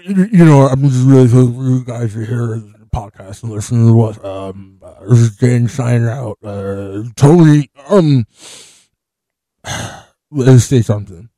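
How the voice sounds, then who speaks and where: Man impersonating loud, rambling podcast bro signing off, filler-heavy, mellow tone. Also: mid-range voice, a little slow, no room sound, lightly acted. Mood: mocking. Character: laid-back male podcast cohost signing off.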